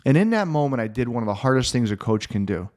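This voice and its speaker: Man, middle-aged, podcast host, mental performance coach, motivational monologue, earnest, emphatic, mid-pitched voice. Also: sing-song, darkish tone. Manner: earnest, emphatic storytelling with slow stressed phrases.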